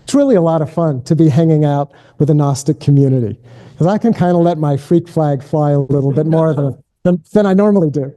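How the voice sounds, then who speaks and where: A middle-aged man giving a keynote as a spiritual director, leading guided contemplative prayer and then a lecture in a gentle, invitational, self-deprecating way. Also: on the high side, brisk.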